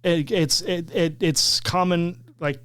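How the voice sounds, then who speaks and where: Podcast co-host: a woman, smooth voice, wry and exact. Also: lowish voice, fairly even intonation, slow, no room sound, clean studio sound. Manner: explains in a precise, wry way. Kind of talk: casual chat.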